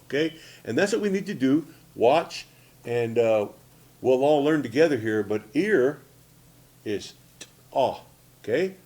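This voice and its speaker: A man's voice: on the high side, darkish tone. A man in his sixties from Oklahoma, teaching a language lesson in a plain, repetitive way, often checking in with "okay?" and "see?". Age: 60s. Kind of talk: casual spoken lesson.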